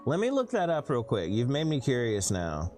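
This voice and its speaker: Brief: Southern US man, streamer, rambling chat with a lively pitch, faint music underneath. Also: moderate pace. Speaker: live streamer. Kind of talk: casual chat with stream viewers.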